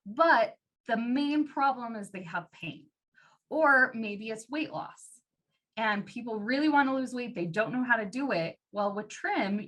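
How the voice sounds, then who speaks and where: A woman's voice: on the high side, a bit bright. Chatty woman giving a sales training. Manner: chatty, uses many "like" fillers, acts out customer voices. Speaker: team trainer. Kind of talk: casual training talk.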